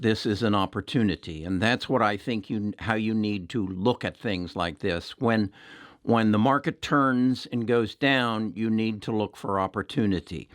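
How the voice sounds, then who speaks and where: A man's voice: on the low side, a bit bright, no room sound, clean studio sound. Plainspoken man giving investing advice. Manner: plainspoken, emphatic, repeats himself with restarts. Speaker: investing channel host. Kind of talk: casual investing talk to camera.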